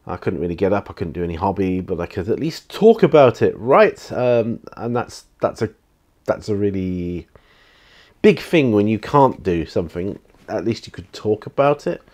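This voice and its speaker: A man's voice: lowish voice, big pitch swings, normal speed, a little mellow. A man hosting a hobby channel, chatting casually to camera in his home studio, rambling with restarts and fillers. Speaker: YouTube hobby channel host. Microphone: camera mic, speaking to camera.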